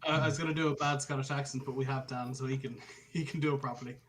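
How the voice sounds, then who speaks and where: A man co-hosting a podcast, joking through quick casual banter. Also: medium pitch, fairly even intonation, fairly bright tone, slight background noise. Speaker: podcast co-host. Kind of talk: casual chat.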